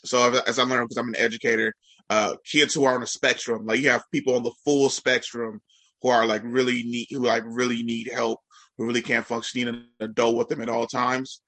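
A man chats casually, piling up fillers as he rambles through his story. His voice is bright and a little nasal, with a congested edge. The room is dry and close. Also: medium pitch, flat delivery, brisk, no echo. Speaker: educator. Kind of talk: casual podcast chat.

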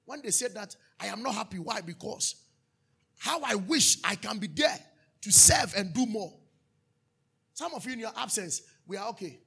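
Gravelly high-pitched preacher. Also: male voice, expressive, moderate pace. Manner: preaching with sudden shouts and hushed asides. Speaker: pastor. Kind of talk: sermon.

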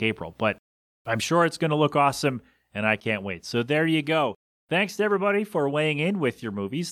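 A man's voice: mid-range voice, fairly bright tone, dry recording, studio quality. A man hosting a solo podcast, ranting in disbelief with rhetorical questions and coughing a bit. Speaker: podcast host.

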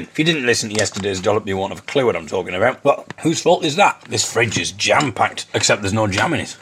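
A man's voice: lowish voice, expressive, fairly quick, hardly any pauses, fairly bright tone, slight background noise. A man with a Northeast English accent hosting a comic monologue podcast, rambling and self-mocking as he tells stories. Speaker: podcast host.

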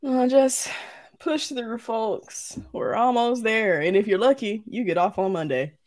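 A young woman, co-hosting a podcast in relaxed, slangy banter. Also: on the high side, measured pace. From Mississippi, USA. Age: 20s. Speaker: podcast co-host. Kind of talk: casual chat.

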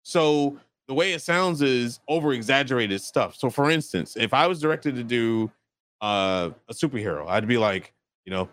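A man co-hosting a casual podcast chat, animated and breaking into acted-out voices as he talks. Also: mid-range voice, moderate pace. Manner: animated, acts out voices mid-story. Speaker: podcast co-host.

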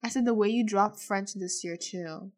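A teenage girl co-hosting a podcast in casual chat, sarcastic and animated, with lots of "um" and "like". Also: medium pitch, moderate pace. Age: teens. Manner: sarcastic, animated, many fillers. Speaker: podcast co-host.

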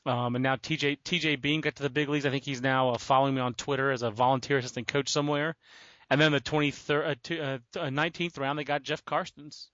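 A man hosting a podcast, talking in a relaxed, casual way with many fillers. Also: mid-range voice, quick pace, dry recording, highs cut off. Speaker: podcast host.

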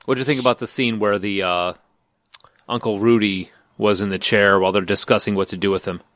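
A man hosting a casual podcast chat, teasing his co-hosts and pausing with fillers. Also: fairly low pitch, fairly even intonation, a bit bright.

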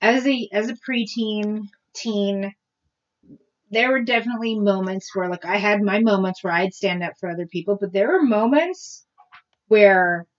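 A woman's voice: medium pitch, normal speed. A woman co-hosting a podcast, a parent, talking casually and reflectively, babbling a bit and swearing. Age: parent of children, adult. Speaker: podcast co-host. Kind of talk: casual chat. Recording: dull lo-fi podcast audio.

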